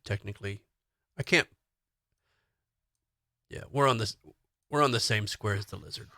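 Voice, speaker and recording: A man thinks aloud during an online tabletop game, hesitant and wry. His low voice has a bright edge. It is recorded close and dry, with no room sound. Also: moderate pace, no echo. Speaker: player.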